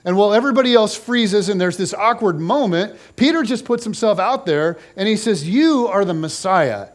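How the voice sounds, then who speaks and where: Male pastor, slightly high voice, animated storytelling sermon with acted-out voices. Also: brisk.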